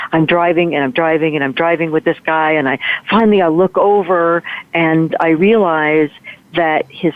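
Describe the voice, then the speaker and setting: Woman guest, animated storytelling, many restarts, phone-line sound, dry. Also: sits low, no echo. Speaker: guest, author and speaker. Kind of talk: storytelling in a conversation.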